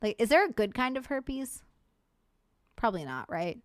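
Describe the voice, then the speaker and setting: A woman's voice: fairly high pitch, big pitch swings. A woman from Hawaii, a live streamer, chatting casually late at night, effusive and playful, rattling off thanks to her viewers. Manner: effusive, rapid shout-outs and playful asides.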